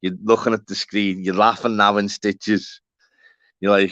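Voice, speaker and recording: A man's voice: on the low side, steady tone, a little slow, a bit bright, no echo. Brief: Scouse male streamer, matey and rambling, swears a lot, dull dry lo-fi sound. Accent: Liverpool (Scouse). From Walton, Liverpool, England. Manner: rambling and matey, swears, calls viewers by name. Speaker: live stream host. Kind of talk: casual live-stream chat to viewers.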